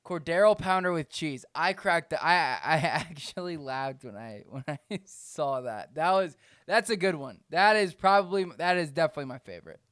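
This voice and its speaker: A man co-hosting a casual fantasy football podcast, reading out names with animated delivery and frequent laughs. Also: on the high side, normal speed, hardly any pauses, smooth, no echo, clean studio sound. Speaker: podcast co-host. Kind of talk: casual chat.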